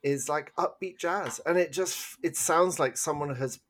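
A man's voice: on the high side, measured pace, fairly bright tone. Rambling male podcast co-host. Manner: rambling, self-deprecating, with sung and mimicked bits. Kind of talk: casual film review chat.

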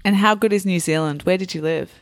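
Host: gravelly, asks short, friendly questions, dry close sound. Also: medium pitch, quick pace, no echo. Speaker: interview host. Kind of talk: casual interview chat.

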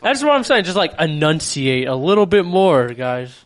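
Young male podcast co-host, slightly high, jokey. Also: very animated. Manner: joking, quick to laugh. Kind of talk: casual chat.

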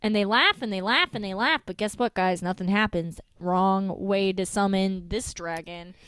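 A woman's voice: mid-range voice, normal speed, smooth, no echo, clean studio sound. A woman hosting a podcast, recapping an episode in casual chat, laughing often and swearing freely. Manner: animated, laughing, swears freely, acts out quotes.

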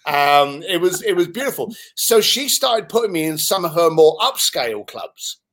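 A man in his fifties from London, with a London English accent, telling lively stories as an interview guest. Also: a little high, moderate pace. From London, England. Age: 50s. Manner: animated, swearing, laughs while telling stories. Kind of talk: casual storytelling in conversation.

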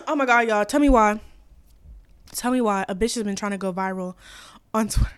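A young woman hosting a podcast, ranting in a blunt, profane, sassy casual chat that swings between loud and quiet. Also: medium pitch, moderate pace, clean tone. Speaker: podcast host.

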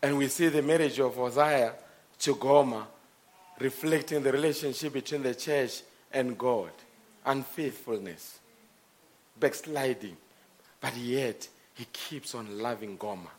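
A man preaching a sermon, telling stories, with swings between quiet earnestness and impassioned shouting. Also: medium pitch, unhurried.

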